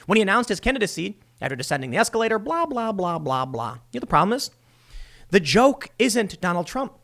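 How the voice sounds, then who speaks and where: On his solo political commentary show, a man rants with exasperated sarcasm, mimicking the people he quotes in mocking voices. His voice is high-pitched, gravelly and fairly bright.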